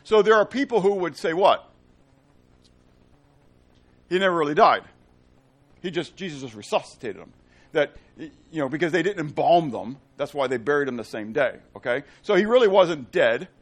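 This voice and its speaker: A middle-aged man preaching a sermon, asking his congregation questions, swinging between loud emphasis and hushed tones. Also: a little high, expressive, normal speed, long pauses. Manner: asks the congregation fill-in-the-blank questions. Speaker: pastor.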